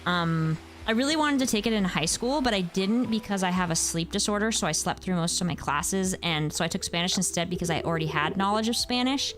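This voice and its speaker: A woman's voice: lowish voice, expressive, a little fast, hardly any pauses, over music. Chatty young woman streaming a game. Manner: rambling, chatty, reacts to chat. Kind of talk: casual gameplay stream chat.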